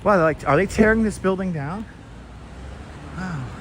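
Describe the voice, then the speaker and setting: Speaking at normal speed in a voice that sits high, a man livestreams a laid-back walking tour on a city street. He greets viewers by name and chats with them. The wireless clip-on mic picks up background noise.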